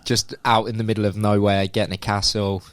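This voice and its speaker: A man's voice: lowish voice, level tone, fairly quick, no room sound. A young man, chatting loosely and laughing often as an interview guest. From England. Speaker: amateur boxer guest. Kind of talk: casual interview chat.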